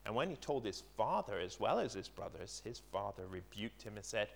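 A middle-aged man preaching a conversational sermon, pausing on fillers and reading scripture aloud. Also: lowish voice, very animated, gravelly.

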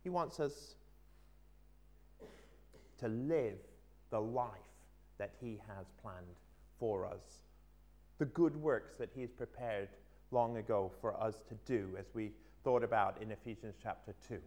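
A man preaching a sermon, telling an illustration with earnest emphasis that swings between lively stresses and quiet asides. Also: lowish voice, a little slow, pauses often.

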